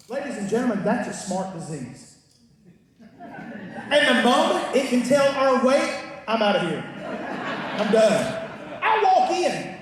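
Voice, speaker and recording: A man doing a stand-up set, telling folksy stories with punchlines and asides to the crowd. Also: very high-pitched. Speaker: stand-up comedian. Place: large concert hall with a live crowd. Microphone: stage mic heard from far off in the audience. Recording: echoey hall recorded from far back in the audience.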